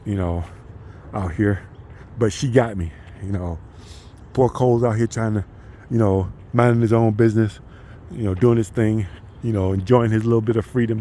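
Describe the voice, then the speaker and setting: A man with a mellow, mid-range voice records a casual walking vlog in a park. He talks loosely and profanely, rambling and saying "you know" a lot.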